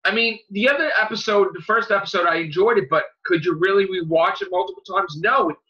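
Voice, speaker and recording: A man's voice: high voice, fast, bright, forceful tone. A man co-hosting a casual fan podcast, ranting with lots of fillers, restarts and swearing. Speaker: podcast co-host. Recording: dull lo-fi podcast audio.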